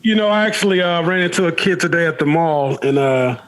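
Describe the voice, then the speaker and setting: A man's voice: a little high, fairly quick, a bit bright. A man co-hosting a casual podcast, blunt and joking with lots of slang. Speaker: podcast co-host. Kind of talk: casual chat.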